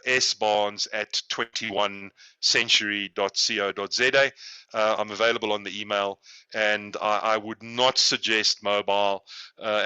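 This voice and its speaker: A man from South Africa speaking as a guest consultant on a video call, measured and repeating words as he thinks. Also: on the low side, pushed and bright, clear, resonant tone, no echo, highs cut off.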